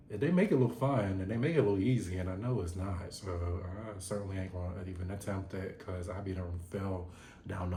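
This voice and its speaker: A man hosting a casual reality TV recap, talking in animated, slangy, gossipy bursts and laughing often. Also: mid-range voice. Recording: roomy echo.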